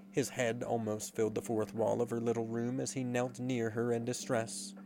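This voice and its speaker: Man reading a storybook, measured pace. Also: mid-range voice. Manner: measured and expressive. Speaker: narrator. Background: faint guitar music.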